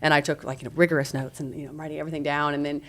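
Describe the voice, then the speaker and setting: A woman in her thirties, a guest on a parenting podcast, telling stories in a lively way and acting out what people said. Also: low voice, rapid-fire. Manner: animated, acts out quoted speech. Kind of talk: conversational podcast storytelling.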